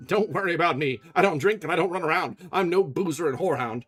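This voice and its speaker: A man's voice: fairly high pitch, fast, fairly bright tone, husky, soft background music, pitched above the performer's own voice. A man reading aloud and voicing a conceited young soldier who talks in a breezy, boastful way.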